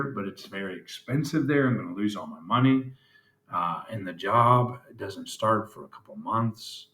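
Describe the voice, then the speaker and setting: Low-voiced man in a roomy echo. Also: fairly bright tone. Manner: halting, reflective, many pauses and fillers; candid, plain-spoken. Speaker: video diary host. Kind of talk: personal confessional vlog.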